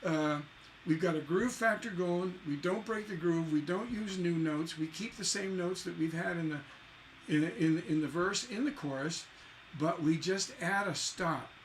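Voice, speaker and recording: A man with a fairly high voice teaches songwriting on a livestream, full of enthusiasm. He sings rhythms aloud as nonsense syllables and keeps repeating key phrases. A faint hiss sits under his voice. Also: moderate pace. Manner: repeats phrases for emphasis, asks rhetorical questions. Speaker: songwriting instructor.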